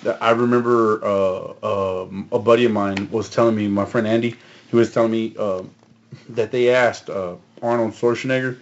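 A man co-hosting a casual chat, blunt and freely swearing as he tells drawn-out stories. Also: lowish voice, steady tone, dull audio, a little hiss or hum. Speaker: podcast co-host.

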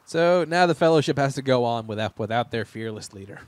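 A man's voice: medium pitch, lively intonation, a little fast, no echo. A man in casual podcast chat, recapping a TV miniseries scene by scene, rambling and laughing with frequent restarts. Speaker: podcast co-host.

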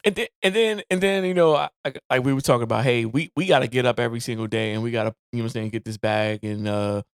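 A man co-hosting a podcast in casual chat, relaxed and slangy, laughing often. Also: medium pitch, fast, smooth, dry recording, studio quality. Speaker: podcast co-host.

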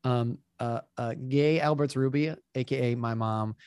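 A man's voice: medium pitch, unhurried, darkish tone, clean tone, dry recording, clean studio sound. A man hosting a podcast, chatting enthusiastically and rambling with lots of fillers. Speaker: podcast host. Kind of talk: casual interview chat.

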